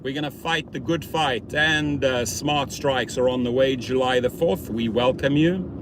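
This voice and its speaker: A man's voice: medium pitch, measured pace. A man streaming live from his car as a rideshare driver. He is tired and yawning, chats animatedly and greets viewers by name. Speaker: rideshare driver hosting a livestream. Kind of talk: live-stream chat while driving. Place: inside a car on city streets at night. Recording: road and traffic noise.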